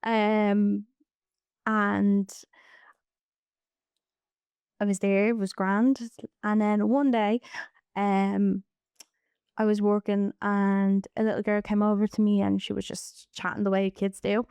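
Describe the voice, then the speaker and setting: A woman's voice: medium pitch, level tone, unhurried, a little mellow, clean tone, no room sound. A young woman, chatting loosely about her work and plans and leaning on lots of "like". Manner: chatty, loose storytelling full of "like". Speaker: interviewee, staff member. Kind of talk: casual conversation.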